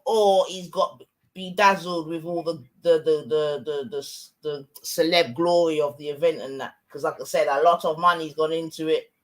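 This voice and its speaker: A young woman, giving excitable, slang-heavy live commentary on a fight and shouting often. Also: sits low. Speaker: watch-along streamer.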